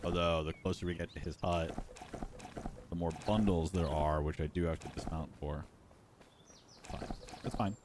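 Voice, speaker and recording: A man's voice: deep voice, fairly even intonation, normal speed, noisy background. A man hosting a live stream, giving casual, playful commentary while playing and talking to his chat. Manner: chatty, playful, talks to chat.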